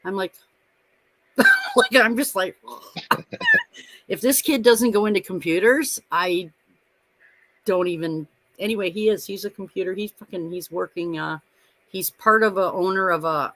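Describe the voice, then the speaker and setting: A middle-aged co-host of a live watch-party stream, in loose casual chat. The voice sits at an ordinary pitch, and the talk wanders through profane stories broken up by frequent laughter. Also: sing-song, unhurried, long pauses, sharp tone, dry recording. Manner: rambling, profane storyteller who laughs often.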